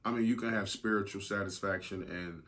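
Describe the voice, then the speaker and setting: A man's voice: low voice, brisk, fairly bright tone. A man co-hosting a podcast, joking and playful in slangy casual chat. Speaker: podcast co-host.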